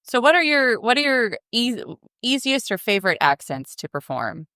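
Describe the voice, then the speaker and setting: A woman's voice: fairly high pitch, sing-song, sharp tone, smooth, no echo, clean studio sound. A woman hosting a casual interview, encouraging her guest and affirming her answers. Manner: encouraging, quick to laugh and affirm. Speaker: interview host.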